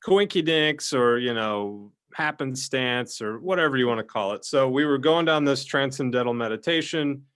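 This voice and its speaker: A man's voice: medium pitch, lively intonation, moderate pace, few pauses, fairly bright tone, smooth. A man co-hosting a casual chat show, talking at length in a rambling, self-aware way. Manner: rambling, talkative, self-described blabbermouth. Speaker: podcast co-host.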